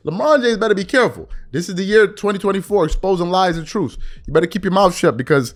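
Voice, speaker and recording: A man's voice: sits high, expressive, fast, few pauses. A man hosting a sports podcast, giving an opinionated rant full of repeated rhetorical questions.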